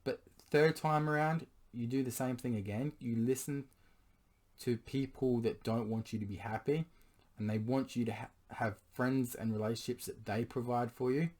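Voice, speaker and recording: A hoarse man who is losing his voice speaks in an earnest, pleading monologue aimed at his partner. He keeps stopping to clear his throat. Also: medium pitch, steady tone, normal speed, darkish tone. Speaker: vlogger addressing his partner. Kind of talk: confessional monologue to camera.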